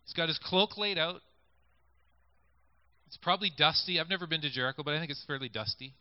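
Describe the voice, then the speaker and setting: Man, preacher, conversational sermon, fairly high voice, muffled lo-fi recording. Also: a little fast, clean tone, no room sound. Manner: conversational, invites listeners to picture scenes. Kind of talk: sermon with scripture reading. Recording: dull lo-fi recording.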